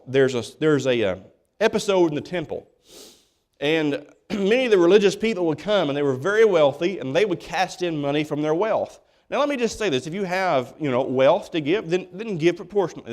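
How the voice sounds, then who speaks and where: A man's voice: a little high, a little mellow. A man preaching a sermon as pastor, folksy and emphatic, often restarting his words. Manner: folksy, emphatic preaching with many repeated starts. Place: church.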